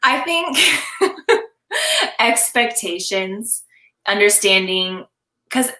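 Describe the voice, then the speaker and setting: A young woman with a bright, forceful voice talks in a lively, animated way and keeps breaking into laughter. She acts out short scenes as she chats. The sound carries some room echo. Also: medium pitch, drawn-out words. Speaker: confidence coach, guest. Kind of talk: casual live-stream chat.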